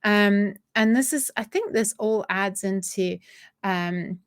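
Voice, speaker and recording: A woman's voice: mid-range voice, takes it slowly, clear, resonant tone, no room sound. A woman chats with easy, self-deprecating humor and breaks into laughs often. Her voice sits mid-range and sounds close and dry, the way it does on a video call. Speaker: guest. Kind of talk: casual chat.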